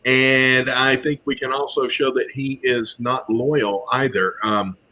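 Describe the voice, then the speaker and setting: A man's voice: mid-range voice, fairly even intonation, slow, pushed and bright, a little hiss or hum. A man moderating a casual panel discussion, musing aloud with frequent ums.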